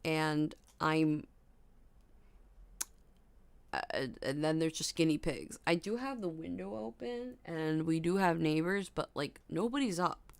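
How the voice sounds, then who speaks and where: A woman's voice: unhurried, creaky, no echo. Spooked young woman streaming from her bedroom. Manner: startled, mimics melodies with high "da da" humming. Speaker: livestream host. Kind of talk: casual livestream chat. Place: home bedroom at night.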